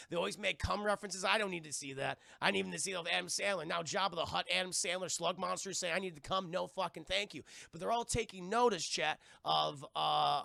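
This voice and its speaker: Brief: a gravelly, sharp-voiced male streamer, casual and profane, reviewing cartoons for his chat. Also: high voice, no room sound, studio quality. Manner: profane, rambling, talks to chat. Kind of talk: casual livestream episode recap.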